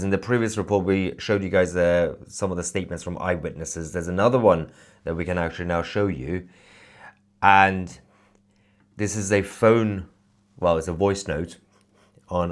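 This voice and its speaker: A man with a very low voice hosts an online live news stream. He comments with mounting indignation, firing rhetorical questions between fillers.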